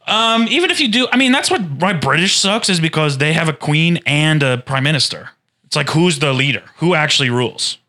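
A man's voice: on the high side, expressive, fairly quick, bright, forceful tone. A man co-hosting a podcast, trading dry jokes in casual chat. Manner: dry joking banter. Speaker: podcast co-host.

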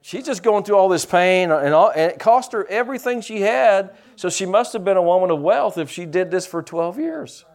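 A middle-aged man preaching a sermon. His voice sits a little high and moves a lot in pitch. He mixes lively preaching with teasing asides. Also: normal speed, hardly any pauses. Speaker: pastor.

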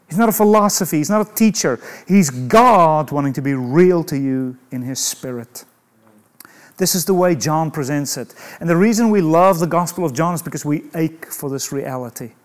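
Slow, emphatic man preaching a sermon. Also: a little high. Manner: emphatic, with rhetorical questions and humorous asides.

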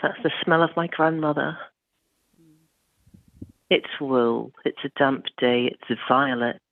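A performer slowly describing a memory in a reflective, poetic improv warm-up. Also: medium pitch, gravelly, no room sound. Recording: tinny phone-like line.

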